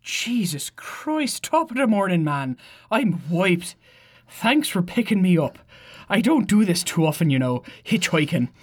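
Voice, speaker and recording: Tiny male leprechaun played by a woman, Southern Irish accent, rambling, lower voice. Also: very animated, unhurried. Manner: rambling, laid-back, stumbling over words. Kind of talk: comic monologue reading.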